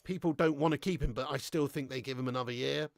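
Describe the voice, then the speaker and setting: A young man hosting a live football watch-along, excitable and sweary, ranting and chatting with his viewers. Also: mid-range voice, fast talker, vocal fry, dry recording, studio quality. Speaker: host of a fan watch-along stream.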